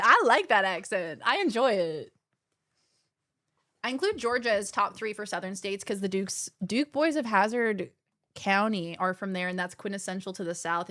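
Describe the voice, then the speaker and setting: A woman's voice: medium pitch, fairly bright tone, dry recording. Chatty woman streamer, dry sound. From Australia. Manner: chatty, quick asides to chat. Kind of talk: casual chat while gaming.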